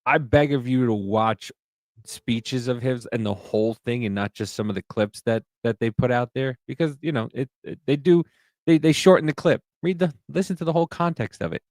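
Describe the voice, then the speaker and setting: Podcast host, man, mid pitch, rambling and swearing, dry close sound. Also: moderate pace, no room sound. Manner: rambling, animated, swears freely. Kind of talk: casual chat.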